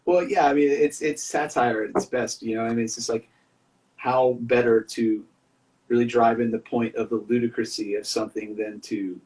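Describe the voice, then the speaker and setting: A man's voice: mid-range voice, fairly even intonation, moderate pace, darkish tone. Man, mid-range voice, loose rambling storyteller in casual chat, slightly distant from the mic. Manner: rambling storyteller, lots of dude and man fillers.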